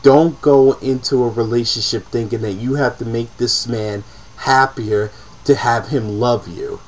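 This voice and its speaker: A man's voice: medium pitch, fairly even intonation, unhurried, rough recording. A man in an emotional, profane personal rant to camera, repeating himself as he presses his point. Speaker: vlogger.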